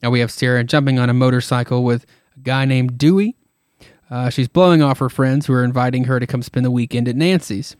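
A man's voice: medium pitch, fairly even intonation, a little fast, a little mellow, no echo, studio quality. Rambling casual man with tired throat. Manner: rambling, irreverent, many fillers. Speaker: podcast host. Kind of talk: casual comic-book retelling.

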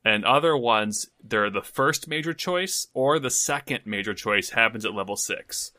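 A man's voice: on the low side, moderate pace, bright, forceful tone, no room sound, studio quality. A man co-hosting a podcast, chatting casually and joking, swearing freely. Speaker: podcast co-host. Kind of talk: casual chat.

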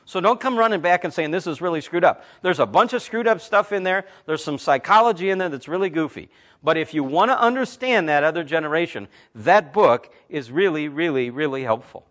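A man in his fifties, a Christian talk host, telling stories and preaching in a blunt, emphatic, animated way. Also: fairly high pitch, brisk. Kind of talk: conversational preaching with storytelling.

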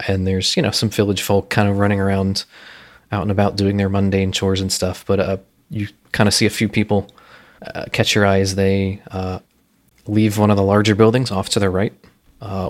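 A man with a fairly low voice runs a tabletop game as game master. He describes scenes in a relaxed, rambling way, full of pauses and fillers.

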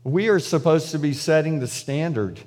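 A man with a fairly high voice preaches a sermon in a church, talking in a loose, conversational way with restarts and fillers. He slips into acted-out prayers and replies as he retells the story. The sound rings with the long reverb of a church hall. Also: lively intonation, moderate pace, darkish tone. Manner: acts out prayers and God's replies in paraphrase. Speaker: pastor.

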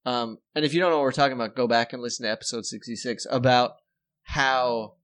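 A man's voice: medium pitch, fairly even intonation, quick pace, a bit bright. A man co-hosting a podcast in casual chat, joking and rambling, often breaking into laughter. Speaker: podcast co-host.

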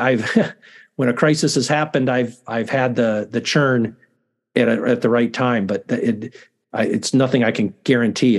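A middle-aged university dean with a mid-range voice chats as a guest in a casual interview. He's self-deprecating and keeps restarting his sentences.

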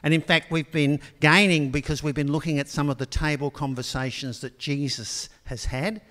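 An older man giving a sermon in a relaxed, conversational storytelling manner, with frequent ums. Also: fairly high pitch, normal speed. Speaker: preacher. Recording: long hall reverb.

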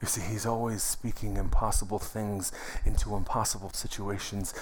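A man's voice: on the low side, flat delivery, normal speed, slight background noise. A young adult man, a pastor, preaching a sermon in a church in a conversational, emphatic way with calls of amen. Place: church sanctuary.

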